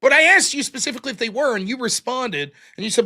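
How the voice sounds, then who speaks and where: Profane, animated man hosting a livestream. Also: very high voice, fairly quick, few pauses. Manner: blunt, profane, animated ranting; reads out viewer donations. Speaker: livestream host. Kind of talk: casual livestream chat.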